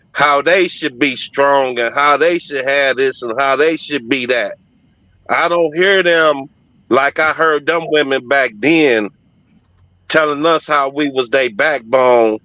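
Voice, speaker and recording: A man's voice: mid-range voice, takes it slowly, bright, forceful tone, no echo. A middle-aged man telling a story in casual conversation, emphatic and profane but heartfelt. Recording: dull lo-fi audio, dry.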